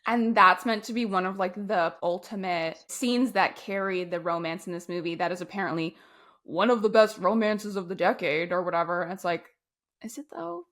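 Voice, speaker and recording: A woman co-hosting a casual podcast chat, talking in a wry, mocking and expressive way. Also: fairly low pitch, moderate pace. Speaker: podcast co-host.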